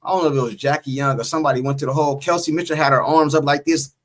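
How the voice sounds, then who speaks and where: A sports talk co-host with a high-leaning voice speaks very fast and with fairly even intonation. During the casual post-game stream, he goes through the chat, hammers his points home repeatedly and teases the audience.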